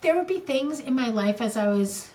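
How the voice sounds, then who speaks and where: This older woman's voice is a little high, expressive and warm, at a moderate pace, heard through poor audio. As a podcast co-host she speaks candidly and emotionally in casual talk, often starting over.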